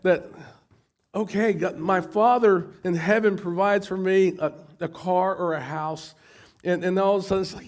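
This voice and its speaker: A man's voice: high voice, steady tone, normal speed, a little mellow. A middle-aged American man preaching a sermon, often stumbling and repeating words as he goes. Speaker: pastor.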